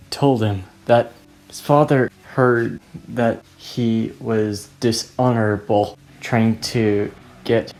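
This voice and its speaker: A man casually retelling a story, in a plain, halting way. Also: fairly low pitch, darkish tone, slight background noise.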